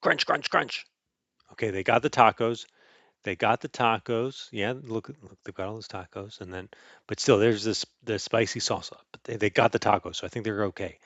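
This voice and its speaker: A man casually reading a picture book aloud to a child, playful and animated, adding sound effects and chuckles. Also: on the low side, a little fast, no echo, lo-fi sound. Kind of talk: casual storybook read-aloud.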